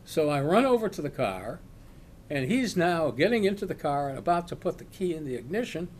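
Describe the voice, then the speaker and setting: An older man, a retired law professor, slowly telling a personal story and acting out the shouts in it. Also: a little high, slight background noise. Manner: slow, animated storyteller acting out quoted shouts. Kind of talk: oral history storytelling.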